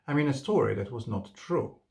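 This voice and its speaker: Man voicing a sorrowful gentle young woman. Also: medium pitch, animated, a little fast, gravelly.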